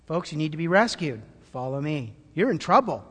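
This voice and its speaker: A man preaching as pastor, with animated delivery that swings between hushed, tender passages and loud, shouted calls. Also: fairly high pitch, fast, husky, in a large hall. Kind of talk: sermon.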